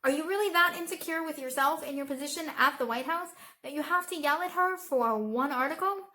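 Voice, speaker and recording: Talking directly to her viewers, a YouTube commentator with a high-pitched voice gives loose, casual commentary full of sarcasm and exasperation, aiming pointed asides at the person she's discussing. She speaks fairly quickly, in a pushed, bright tone.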